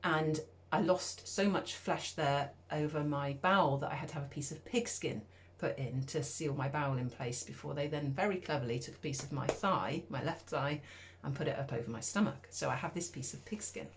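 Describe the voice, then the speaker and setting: A middle-aged woman from the UK telling a personal story in a lively, conversational way, acting out her own thoughts. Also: low voice, normal speed. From United Kingdom. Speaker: speaker.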